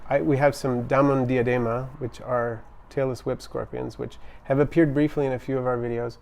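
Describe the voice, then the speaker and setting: A man chats with viewers during a home pet livestream, sounding friendly and enthusiastic. His mid-pitched voice has a gravelly edge, and he often pauses with ums and restarts his sentences. He picks up viewer comments and reads them aloud as he goes. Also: level tone, a little mellow. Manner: chatty, upbeat, frequent ums and restarts. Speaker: livestream host. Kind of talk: casual live-stream chat, reading comments. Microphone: camera on tripod.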